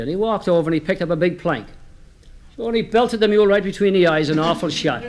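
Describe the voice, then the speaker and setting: Chatty higher-voiced male joke-teller. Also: fast. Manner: chatty, homespun, addresses listeners directly. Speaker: comedy storyteller. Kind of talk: folksy joke-telling on a comedy record.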